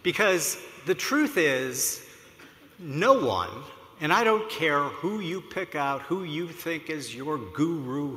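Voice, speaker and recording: A male keynote speaker at a podium, telling stories in an animated, widely swinging voice with a bright edge. He fills pauses with "uh" as he goes. The sound bounces around a large hall with a long reverb. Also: on the high side. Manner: animated, with frequent uh fillers. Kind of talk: storytelling conference talk.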